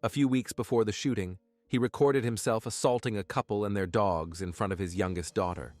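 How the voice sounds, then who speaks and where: A man giving scripted true-crime narration in a measured, even way. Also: lowish voice, faint music behind.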